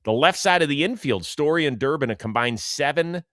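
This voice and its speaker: A man co-hosting a casual sports talk show, animated and sarcastic, often dropping into mocking quotes. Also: a little high, a little fast, dry recording, clean studio sound. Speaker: co-host.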